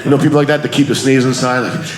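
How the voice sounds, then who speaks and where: A man performing a stand-up comedy set on a club stage, acting out sneezes with shrieking high yelps, recorded on a handheld mic with audience laughter behind. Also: level tone, very fast. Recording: live club mic, loud crowd laughter.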